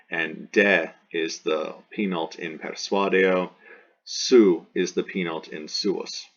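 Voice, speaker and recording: A man with a very low, husky voice teaches a recorded lesson. He is patient and goes over each term and example more than once. The recording sounds dull and lo-fi. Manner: patient, repeats terms and examples slowly. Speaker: Latin teacher.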